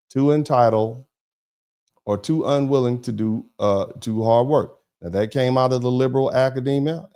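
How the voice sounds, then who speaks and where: A man's voice: mid-range voice, dark tone. A man hosting a political commentary livestream, talking emphatically with lots of repetition. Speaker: host of a commentary broadcast.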